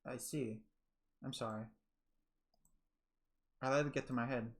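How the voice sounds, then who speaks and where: A man's voice: medium pitch, fairly even intonation, measured pace, natural voice. A man voicing a flustered, earnest young woman who stammers out a love confession. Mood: hurt. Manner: breathless, stammering, insistent.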